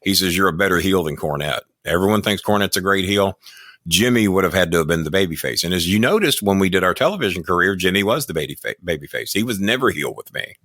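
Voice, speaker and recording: Older American man, former wrestling manager, profane, boastful, bright lower voice, dry close sound. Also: lively intonation, fast talker, no echo. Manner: profane, boastful, rambling anecdotes. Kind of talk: casual storytelling chat.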